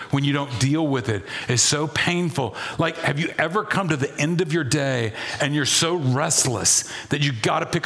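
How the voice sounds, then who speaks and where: A middle-aged male pastor preaches with a folksy, animated delivery. He mixes playful asides into his sermon, and his voice sits somewhat high for a man.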